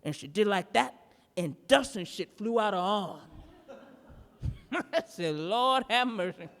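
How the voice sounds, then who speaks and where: A woman performing a standup comedy routine live, telling a story in a brash, profane, animated way. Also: mid-range voice, a little slow, big-room sound. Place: live performance in a gallery space.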